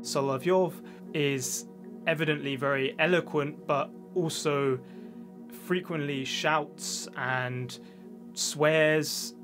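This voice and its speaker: A man speaking as a media commentator, giving steady, informative explanations. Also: a little high, slow, music in the background.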